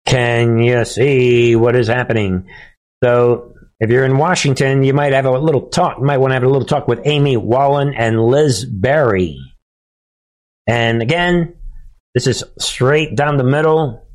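A man's voice: mid-range voice, measured pace, a little mellow. A man hosting a political commentary monologue, talking in a chuckling, sarcastic, conversational way. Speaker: commentary show host.

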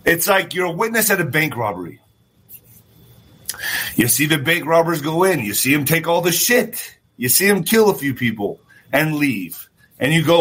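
A man with a bright, brassy voice and a husky edge ranting on a livestream. He is middle-aged, profane and animated, and he talks straight to his viewers as he acts out little scenes in voices. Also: fairly high pitch, moderate pace, pauses often. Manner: talks to viewers directly, asks for thumbs up. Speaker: political commentary host. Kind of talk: livestream political rant.

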